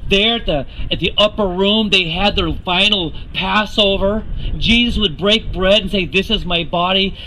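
A man's voice: high-pitched, bright, forceful tone, a little hiss or hum, low-quality recording. A man preaching a sermon, earnest and rising to emphatic questions to the congregation.

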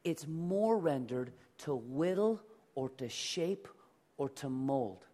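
A man's voice: fairly high pitch, lively intonation, slow, dark tone. A middle-aged male pastor preaching a sermon in a conversational way, asking the congregation to repeat words after him.

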